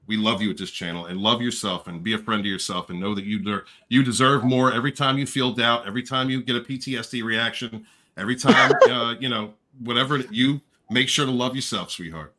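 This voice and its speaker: A man hosting a casual livestream, warmly shouting out chat viewers by name and joking playfully with them. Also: medium pitch, fairly quick. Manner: effusive, affectionate shout-outs to chat viewers. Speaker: livestream host.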